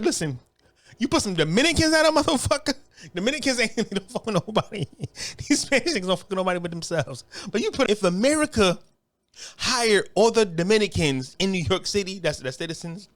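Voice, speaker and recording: A commentator delivering a heated, profane comedic rant full of stammered repetitions. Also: medium pitch.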